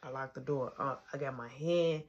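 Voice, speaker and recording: A young woman telling a story from her life in a casual, animated way, rising to loud exclamations and dropping to hushed asides. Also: rumbling low, moderate pace, highs cut off, a little hiss or hum.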